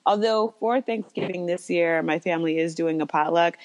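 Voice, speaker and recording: A woman chatting casually, relaxed and self-deprecating, who laughs often. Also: lowish voice, moderate pace. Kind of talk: casual chat.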